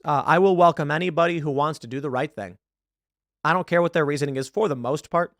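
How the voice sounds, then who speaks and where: A man hosting political commentary, talking in an opinionated, animated way with a lively, swinging intonation. His voice sits a little high for a man. The sound is close and dry, with no room echo. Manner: animated, opinionated, self-correcting. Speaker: host.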